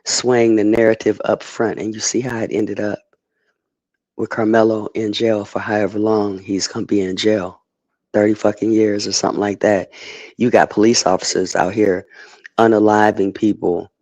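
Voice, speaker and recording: A man's voice: on the low side, flat delivery, normal speed, a little mellow, no room sound. A man streaming an unscripted rant, emphatic and profane, who keeps checking in with "okay?". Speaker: streamer giving commentary.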